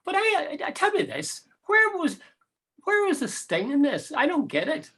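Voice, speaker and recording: A man's voice: very high voice, huge pitch swings, moderate pace, creaky, pushed and bright. A man co-hosting a casual political chat, wry and chatty with amused asides. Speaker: co-host of a current affairs podcast.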